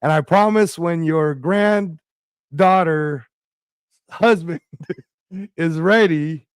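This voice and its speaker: A man with a hoarse voice, a guest in a casual livestream chat, rambling and laughing as he talks. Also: fairly high pitch, very slow, no room sound, studio quality.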